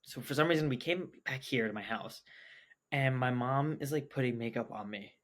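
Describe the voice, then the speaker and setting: A young man in casual podcast conversation, recounting his own story. He talks in a mid-range voice, full of "like" and quoted dialogue. The delivery stays loose and animated. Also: mid-range voice, normal speed. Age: young adult. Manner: animated, quotes himself, heavy use of "like". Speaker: podcast guest.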